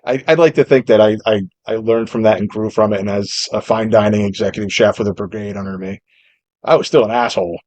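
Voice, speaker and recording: A man, a former Marine and chef, talking in a relaxed, reflective way as a podcast guest, with frequent restarts. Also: on the low side, fast talker, no room sound. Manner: reflective, storytelling with many restarts. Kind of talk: casual conversation.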